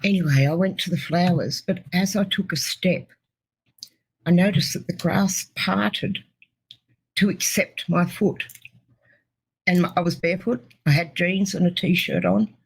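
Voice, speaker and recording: Husky Australian woman with gravelly creak. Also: fairly low pitch, a little slow, poor audio. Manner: earnest, emotional storytelling. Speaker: guest telling a near-death experience. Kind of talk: personal testimony.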